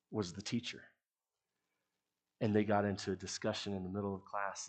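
A man who leads a youth ministry, giving an earnest, conversational sermon to the people who support it. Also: lowish voice. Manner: earnest, conversational preaching with restarts.

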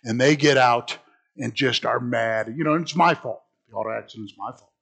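A man's voice: medium pitch, normal speed, gravelly, a bit bright, breathy edge. A man teaching an informal Bible class, chatty and self-mocking, who laughs at his own jokes and reads scripture aloud.

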